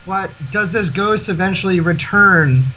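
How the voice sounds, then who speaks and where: Young guest guy, kinda high voice, short to the point answers, faint hiss. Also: unhurried, sharp tone, poor audio. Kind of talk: casual chat.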